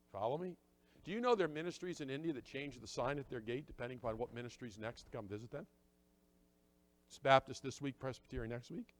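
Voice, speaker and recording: Here a middle-aged pastor with a mid-range voice preaches, chatting with the congregation and acting out brief dialogues. His volume shifts from soft asides up to loud, emphatic statements.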